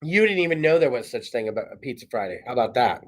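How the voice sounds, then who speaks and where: A man hosting a casual comedy talk show, telling stories in a brash, profane, animated way. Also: medium pitch, fast. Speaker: host.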